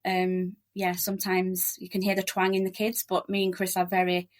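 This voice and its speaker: A middle-aged woman from Leeds with a strong Yorkshire accent, chatting quickly and cheerfully as a podcast guest. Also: lowish voice, completely flat delivery. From Leeds, West Yorkshire, England. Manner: quick-talking, chatty, laughs often. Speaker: podcast guest, relocation agent. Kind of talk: casual interview chat.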